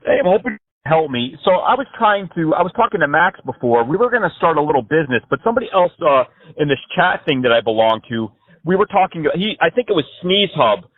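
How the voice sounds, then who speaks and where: Prank caller guy, kinda high voice, mocking and rambling, tinny phone sound. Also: sing-song, fast talker, no echo. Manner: mocking, rambling absurd pitches. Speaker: scam-baiting prank caller. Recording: phone-line audio.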